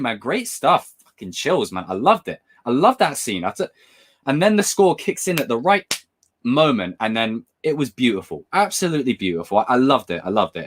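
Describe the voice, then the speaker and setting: A man hosting a casual livestream, talking to his chat in a lively, swooping voice. He is excitable and drops the odd swear word, and his pitch rises and falls a lot as he gets worked up. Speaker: livestream host.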